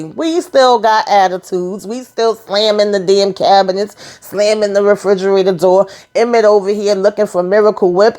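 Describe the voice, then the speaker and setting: A woman giving a casual, sassy recap of a TV episode, talking straight to her viewers in animated, colloquial speech. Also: mid-range voice, moderate pace. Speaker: TV recap vlogger.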